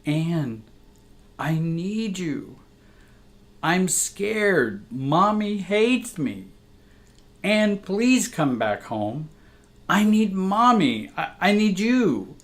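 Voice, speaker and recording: A man's voice: sits high, big pitch swings, very slow, a bit bright, pitched above the performer's own voice, heavily acted. A man voicing a frightened, lonely six-year-old girl who pleads tearfully. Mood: desperate.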